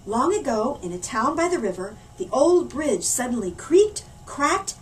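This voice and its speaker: A woman librarian reading a storybook aloud to children, expressive and animated. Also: high-pitched, a little slow. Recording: distant mic, faint room hum.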